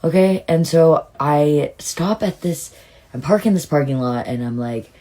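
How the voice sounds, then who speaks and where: A storytime vlogger from Southern California speaks a little slowly as she rambles emotionally through a personal story. She leans heavily on "like" and swings suddenly into excited, high-pitched retelling in this casual monologue.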